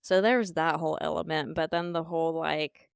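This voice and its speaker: A woman's voice: low-pitched, steady tone, normal speed, creaky, clear, resonant tone, dry recording, clean studio sound. A woman co-hosting a podcast who chats casually with a candid, profane manner. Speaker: podcast co-host. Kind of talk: casual chat.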